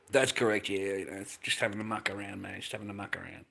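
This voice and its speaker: A man's voice: lowish voice, steady tone, fast talker, gravelly, few pauses, pushed and bright, breathy edge. A middle-aged man, chatting casually to his livestream audience in a blunt, profane, rambling way with frequent laughs. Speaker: livestream host.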